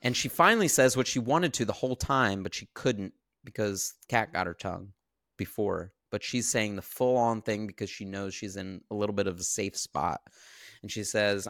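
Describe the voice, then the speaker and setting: In a clean, dry studio recording, a low-voiced man co-hosting a podcast walks through a horror movie scene by scene. He tells it casually and with energy, voicing the characters' lines himself.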